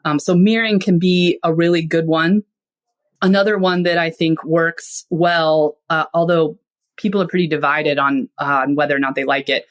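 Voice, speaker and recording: A woman's voice: on the low side, fairly quick. A woman speaking as a podcast guest, explaining ideas in a casual, conversational way and acting out small everyday examples. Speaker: podcast guest, finance and psychology expert.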